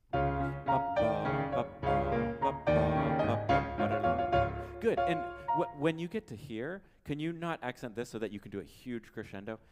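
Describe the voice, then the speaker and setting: A man teaching a piano masterclass, humming and singing phrases to show the student how a passage should go, with gentle encouragement. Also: on the low side. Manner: sings and hums phrases to demonstrate, gentle encouraging coaching. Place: piano showroom recital space. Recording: roomy hall with piano playing. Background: piano playing.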